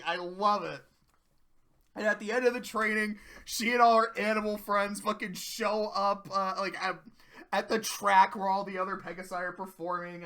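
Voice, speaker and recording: A man with a high, bright voice gives a casual episode recap. He talks in a loose, animated way, swears often, and slips into quick impressions of the characters as he retells scenes. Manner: animated storyteller who swears and acts out quotes. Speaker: video reviewer.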